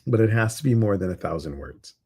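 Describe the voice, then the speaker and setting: A man with a Chicago accent hosting a casual livestream, upbeat and excitable as he talks straight to his viewers. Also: lowish voice, fast, slightly rough. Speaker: livestream community host.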